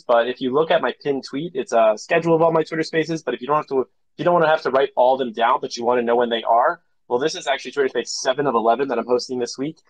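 A man's voice: medium pitch, no echo, rough recording. A man in his twenties hosting a live online audio chat, upbeat and promotional. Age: 20s. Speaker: host.

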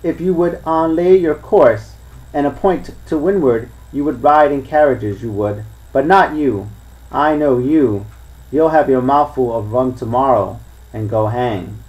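A sly older pirate chief lectures his men in rough sailor's talk, voiced by a man reading a storybook aloud. He is smooth and persuasive, and he lays down the law. The voice sits in an ordinary middle register. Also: mid-range voice, a little slow, darkish tone, lightly acted, low-quality recording. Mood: lecturing. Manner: coaxing, lecturing sea talk. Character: crafty older male pirate, smooth-talking and commanding.

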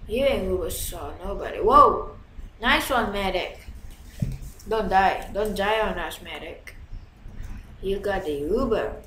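A woman giving live commentary over her own gameplay, chatty and excitable, swinging from low mutters to sudden shouts. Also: measured pace, echoey room, a little hiss or hum, poor audio. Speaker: gamer.

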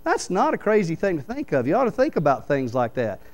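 Lively pastor preaching. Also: male voice, a little high, brisk, poor audio. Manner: animated storyteller, reads scripture aloud then explains it. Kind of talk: sermon. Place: church sanctuary.

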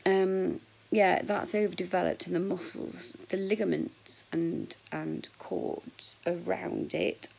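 A woman in her forties with a husky voice, chatting frankly and jokily to camera in a casual vlog, sometimes dropping to a whisper. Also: lowish voice, steady tone, takes it slowly, a little mellow, a little hiss or hum, rough recording. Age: 40s. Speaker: vlogger.

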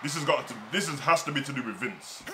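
A young man hosting a wrestling reaction, talking casually and shouting with delight. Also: mid-range voice, animated, quick pace, heavy background noise. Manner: exclamatory, fan-like, shouts in delight. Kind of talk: excited reaction commentary.

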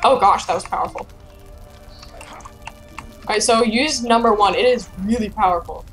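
A woman's voice: medium pitch, moderate pace, soft background music. A young woman hosting casual gameplay chat, chatty and helpful as she guides a friend and playfully reads game lines aloud. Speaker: gameplay host guiding a friend.

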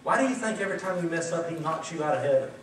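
A male pastor preaching a sermon in an animated, emphatic, folksy storytelling manner. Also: fairly high pitch, very fast. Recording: echoey hall, distant mic, faint noise.

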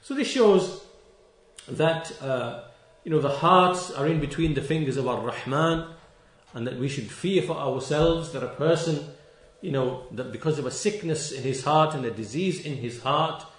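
A man's voice: fairly high pitch, moderate pace. Emphatic male religious lecturer, roomy sound. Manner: emphatic, repeats key phrases, stretches words for stress; stern and reproachful toward critics. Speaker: Islamic lecturer.

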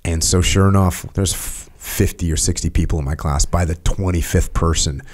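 Male podcast guest, low voice, lively storyteller, acts out quotes. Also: moderate pace. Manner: animated, acts out quotes loudly. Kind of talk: casual storytelling chat.

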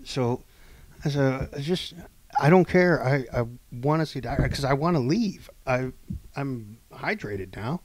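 Man, podcast co-host, animated storytelling, voices quoted people, dry close sound. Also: medium pitch, a little slow, no room sound. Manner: animated, acts out quoted dialogue, swings between loud and hushed. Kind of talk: casual storytelling.

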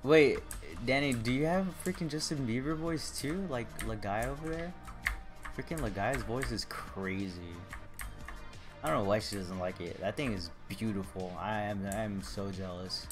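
A young man chatting casually while he plays a game on stream, rambling and excitable, teasing the people he talks to. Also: fairly low pitch. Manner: rambling, excitable, quick to tease. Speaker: gaming streamer. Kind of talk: casual chat while gaming. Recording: stream with music playing under the voice. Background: game music and keyboard typing.

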